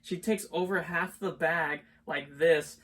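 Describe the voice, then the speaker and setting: A man's voice: a little high, steady tone, slow pace, fairly bright tone. A young man co-hosting a podcast, telling stories in a rambling, casual way full of filler words. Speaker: podcast co-host. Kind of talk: casual chat. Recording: distant mic, faint background noise.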